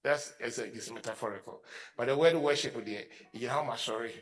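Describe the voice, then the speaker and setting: A man's voice: mid-range voice, normal speed. A Ghanaian man, a pastor, giving an emphatic teaching talk and switching between Twi and English.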